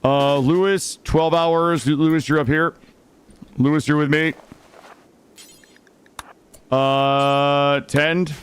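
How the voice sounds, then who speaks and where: A man's voice: fairly high pitch, fairly even intonation, drawn-out words, long pauses, clear, resonant tone. A young man streaming a video game, talking through it live and swinging from muttering to panicked outbursts. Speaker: gaming streamer. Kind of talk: live gameplay commentary. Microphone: studio microphone.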